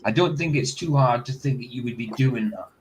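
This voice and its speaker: A man's voice: medium pitch, brisk, slight background noise, poor audio. A man hosting a casual reaction stream, bluntly skeptical and firing off rhetorical questions. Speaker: host.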